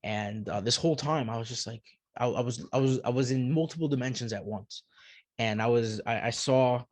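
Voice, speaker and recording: A man, a podcast guest, telling a personal story in a halting way, often repeating words as he searches for them. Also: mid-range voice, a little mellow, no echo.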